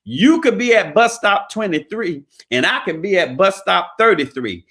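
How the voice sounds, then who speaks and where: A man's voice: high-pitched, lively intonation, normal speed, a bit bright. A man, talking in a preachy, emphatic, folksy way, giving motivational talk about credit. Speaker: credit repair business owner.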